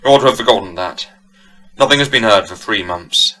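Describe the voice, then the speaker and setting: A man's voice: deep voice, normal speed, sharp tone. A man doing a blustering old squire. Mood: gruff.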